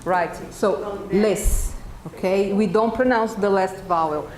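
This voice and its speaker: A woman's voice: mid-range voice, measured pace. A Brazilian woman with a Brazilian Portuguese accent, a native Portuguese speaker, giving a live pronunciation workshop to teachers and checking in with "okay?" after each point. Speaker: teacher trainer presenting a workshop. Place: event room with an audience. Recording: echoey room with faint background noise.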